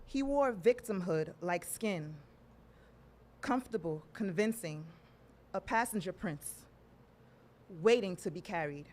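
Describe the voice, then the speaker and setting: A woman from New York delivers a spoken word poem at an open mic, slow and deliberate. Her mid-range voice carries a measured, rhythmic cadence that builds in emphasis. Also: mid-range voice. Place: live poetry venue.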